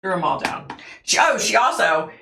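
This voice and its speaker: A woman's voice: medium pitch, big pitch swings, normal speed, sharp tone, roomy sound, a little hiss or hum. A woman hosting a livestream, telling stories in a chatty way, laughing often and answering viewers' comments. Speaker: livestream host. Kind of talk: casual chat with viewers.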